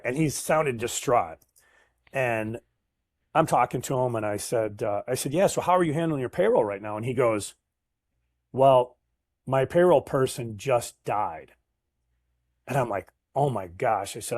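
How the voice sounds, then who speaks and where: Middle-aged male guest, anecdotal and animated, dry close-miked sound. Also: mid-range voice, dry recording. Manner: animated storyteller, acts out quoted voices. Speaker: guest, sales professional. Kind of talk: casual storytelling interview.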